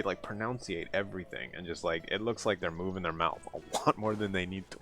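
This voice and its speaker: A man's voice: sits low, fairly even intonation, fast talker, hardly any pauses, music in the background. An American man streaming late at night, chatting casually with viewers, rambling, laughing often and poking fun at himself while sounding tired. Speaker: live streamer.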